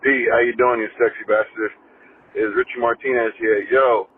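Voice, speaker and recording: A man's voice: medium pitch, fairly even intonation, normal speed. A man calls in with loose, profane opinions, tripping over repeated words. He sounds tinny, like a phone line. A faint hiss sits behind him. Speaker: caller. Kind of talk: crude fan voicemail.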